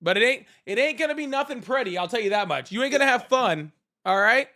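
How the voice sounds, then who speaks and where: A man's voice: very high-pitched, animated, quick pace, pushed and bright. A man hosting a live call-in debate stream, ranting casually in a sarcastic, mocking way and swearing freely. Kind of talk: casual livestream rant.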